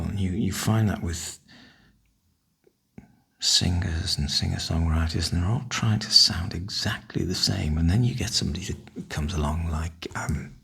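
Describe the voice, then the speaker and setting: Husky whispering older man, gravelly. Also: deep voice, a bit bright. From northern UK. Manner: half-whispered, wry and chatty. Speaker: ASMR host. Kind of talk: softly spoken ASMR ramble.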